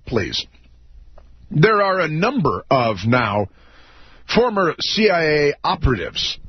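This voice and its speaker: A man's voice: on the high side, breathy edge, no echo. A man hosting political talk radio, sarcastic, mocking and combative. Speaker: radio talk show host. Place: radio studio. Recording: dry, slightly dull studio audio.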